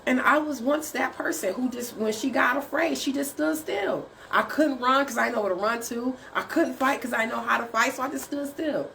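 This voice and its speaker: A woman's voice: sits high, moderate pace, gravelly, hardly any pauses, sharp tone, slight background noise. A woman coach giving a faith-based motivational talk, speaking in a preachy, encouraging way with rhetorical questions. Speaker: writing coach.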